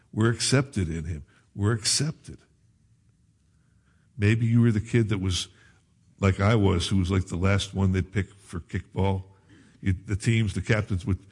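Male pastor, slightly low and husky voice, conversational preaching with asides. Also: a little mellow. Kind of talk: sermon.

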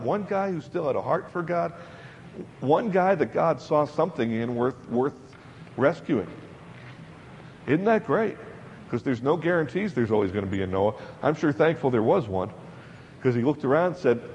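A man's voice: on the high side, gravelly, a little mellow. Man preaching, conversational and emphatic, long hall reverb, dull lo-fi sound, faint hiss. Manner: conversational, emphatic, repeats words for stress. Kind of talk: sermon. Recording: dull lo-fi recording in a large hall.

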